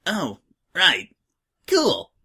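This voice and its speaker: A man's voice: high voice, wildly swooping pitch, very slow, sharp tone, breathy edge, voice pushed up, exaggerated voice. A man doing a brash, tough young filly. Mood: teasing. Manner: blunt, slangy, offhand. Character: brash, tough young filly, slangy orphan-home veteran.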